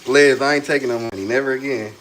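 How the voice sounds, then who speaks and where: A man's voice: medium pitch, fairly even intonation, fast talker, background noise. A man chatting casually on a phone livestream, joking and reading his chat aloud while queasy and burping after a hot sauce shot.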